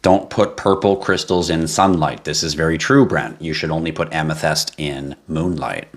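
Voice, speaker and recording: A man hosting a live stream, reading viewer comments in a casual, animated way, laughing and swearing now and then. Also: moderate pace. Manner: animated, laughs and swears, jumps to high yelps for effect. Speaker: livestream host.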